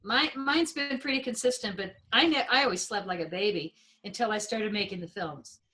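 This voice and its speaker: This is a woman speaking as an interview guest, her voice bright and forward. She tells her stories with lots of expression and jumps into quoted exclamations of her own past reactions. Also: mid-range voice, brisk, low-quality recording. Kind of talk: animated storytelling in an interview.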